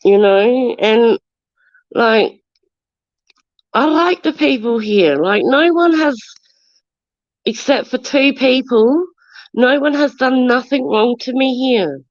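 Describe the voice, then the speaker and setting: Slow-talking Australian woman with a cold. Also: sits high, lively intonation, no room sound. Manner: defensive, ranting, greets viewers mid-sentence. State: stuffy nose from a cold. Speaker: livestreamer. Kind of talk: casual live stream rant. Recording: dull lo-fi stream audio.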